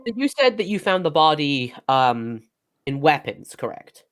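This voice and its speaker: Man, slightly high voice, casual gaming chat, hesitant with ums. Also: sing-song, measured pace, a bit bright, faint music behind. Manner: hesitant, lots of ums while reasoning. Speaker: gamer in a group voice chat.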